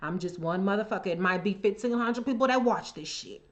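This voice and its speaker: Fairly quick and mid-range in pitch, an American woman host runs a livestream of heated political commentary. She's profane, confrontational and emphatic, talking right at the people in her comments.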